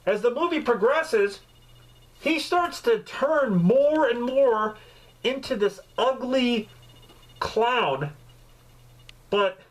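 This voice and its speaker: A man giving a casual, joking movie review, with swearing and lively storytelling. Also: very high-pitched, extremely slow, long pauses, rough recording. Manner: profane, joking, animated storytelling.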